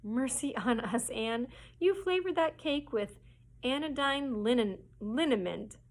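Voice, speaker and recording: A woman's voice: mid-range voice, lively intonation. Woman doing stern old Marilla. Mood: scolding. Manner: brisk, scolding. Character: stern, sharp-tongued older spinster guardian.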